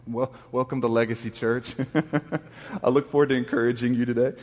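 A man preaching a sermon as pastor, reading scripture dramatically and rising to loud, emphatic bursts. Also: mid-range voice, level tone, moderate pace, pauses often, in a large hall. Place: church sanctuary.

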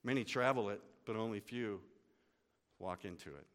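Male pastor, sermon delivery, hushed-to-loud swings, long church reverb. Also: on the low side, moderate pace.

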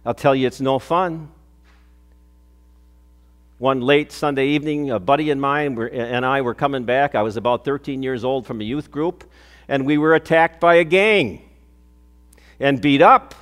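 An older male pastor preaching a sermon, telling stories earnestly, building up on key points and dropping soft on others. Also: medium pitch, normal speed, pauses often. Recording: long hall reverb.

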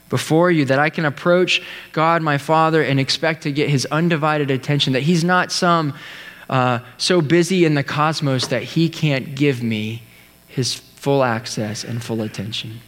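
A man preaching a sermon, telling a story in an earnest way, with pauses and restarts. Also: medium pitch, fairly bright tone. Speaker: pastor. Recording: long hall reverb.

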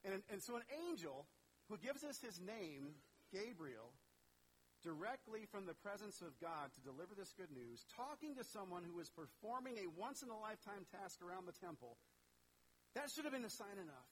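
High-voiced man preaching conversationally. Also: very animated, moderate pace, a bit bright, a little hiss or hum, rough recording. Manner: conversational, asks the audience questions, acts out voices. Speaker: pastor. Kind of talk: sermon.

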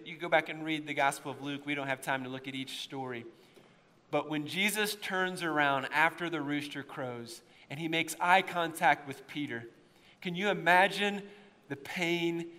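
A pastor with a faint East Tennessee accent preaching a sermon, swinging into loud, impassioned stretches when he stresses a point. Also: on the high side. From United States. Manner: impassioned preaching, rising to near-shouts at emotional peaks. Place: church sanctuary. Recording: long hall reverb.

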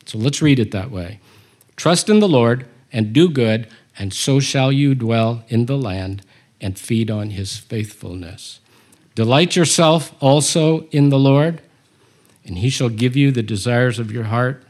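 A man's voice: mid-range voice, expressive, a little slow, a little mellow. A man teaching a Bible study, reading scripture aloud and commenting on it with humor.

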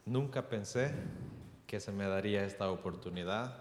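A man's voice: lowish voice, fairly quick. Visiting male pastor, nervous, short interpreted phrases, reverberant hall. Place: large church sanctuary. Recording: echoey church hall with faint ambience.

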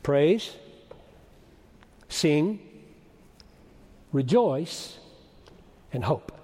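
A man preaching a sermon, emphatic and swelling to loud exclamations. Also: on the high side, animated, drawn-out words, breathy edge. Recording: long hall reverb.

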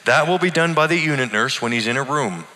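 A man's voice: mid-range voice, animated, fairly quick, pushed and bright, big-room sound, pitched above the performer's own voice. A man voicing a female hospital nurse who firmly and curtly refuses requests. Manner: clipped, firm, dismissive refusals. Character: curt rule-bound female hospital nurse.

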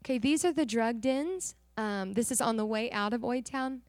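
A young woman shares a mission testimony with a church audience, earnest and animated, acting out the conversations as she goes. Her voice sits a little high. It is recorded close and dry. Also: moderate pace, no echo. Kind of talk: emotional personal testimony to a congregation.

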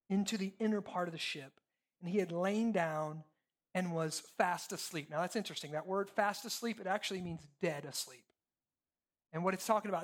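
A male pastor preaching a sermon in a conversational, animated way, asking the congregation questions and swinging between loud and hushed. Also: sits high. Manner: conversational, asks the crowd questions.

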